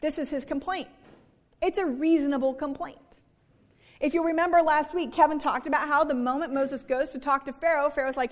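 A woman's voice: high voice, fairly even intonation, fairly quick. A woman reading scripture and preaching a sermon in an earnest, conversational way. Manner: earnest, conversational, acts out quoted complaints. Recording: reverberant worship hall.

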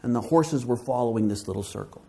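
A man giving a storytelling sermon as a guest speaker, talking in a gentle, conversational way. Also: mid-range voice, fast, gravelly, breathy edge. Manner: gentle, conversational storytelling with frequent "you know" and "right?".

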